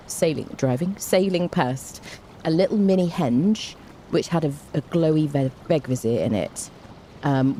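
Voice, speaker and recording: A woman's voice: low voice, warm tone, slight background noise. A young woman streaming a game, chatting casually and self-mockingly as she greets viewers by name. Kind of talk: casual live-stream chat.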